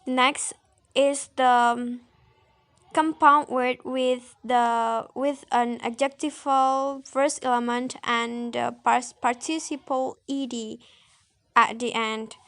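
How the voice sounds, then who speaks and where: A woman's voice: fairly high pitch, steady tone, slow pace, fairly bright tone. A young woman giving a student class presentation, reading carefully with hesitant restarts. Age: young adult.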